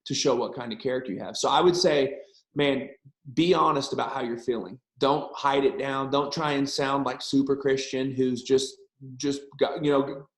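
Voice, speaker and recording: A man's voice: medium pitch, reverberant, rough recording. A middle-aged man speaking as a guest pastor to students, earnest and frank, repeating points for emphasis. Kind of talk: casual encouraging talk and prayer.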